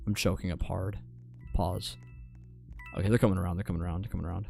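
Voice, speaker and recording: A young adult man streaming a game, chatting casually with his viewers and commentating his play, often repeating phrases and dropping into quiet mutters. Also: low-pitched, steady tone, fast talker, creaky, faint music behind. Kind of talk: casual live-stream chat with gameplay commentary.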